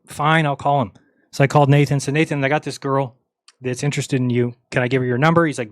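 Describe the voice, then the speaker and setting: A man's voice: medium pitch, quick pace, dry recording. Blunt, mocking male livestream host. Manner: blunt, mocking, acts out quoted dialogue. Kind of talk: casual livestream rant.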